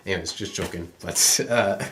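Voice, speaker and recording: A young Canadian man with a notably deep voice rambles through stories in casual podcast chat. He swears freely and pads his talk with ums and uhs. Faint noise sits behind him. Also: moderate pace, fairly bright tone. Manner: rambling, profane storytelling with many fillers. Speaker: podcast co-host.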